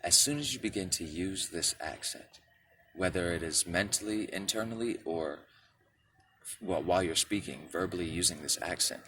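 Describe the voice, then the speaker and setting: A man's voice: low-pitched, expressive, normal speed, pushed and bright, far from the mic, a little hiss or hum. A man from Michigan giving a casual spiritual talk to camera, often checking in with the listener with "right?" and "okay?". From Michigan, United States. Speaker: spiritual video creator.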